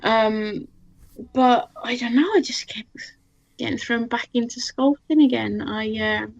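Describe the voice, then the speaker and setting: A woman's voice: fairly high pitch, fairly even intonation, measured pace, gravelly, no room sound. A woman, chatting easily as a guest in an interview and laughing often. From Sweden. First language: Swedish. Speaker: guest artist. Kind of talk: casual interview chat. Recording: dull lo-fi sound.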